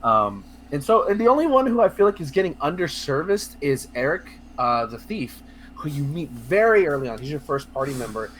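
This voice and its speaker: Rambling, excitable podcast guy. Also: a little high, fairly quick, slight background noise. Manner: rambling, excitable, swears, many fillers and restarts. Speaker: podcast co-host. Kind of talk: casual podcast chat about video games.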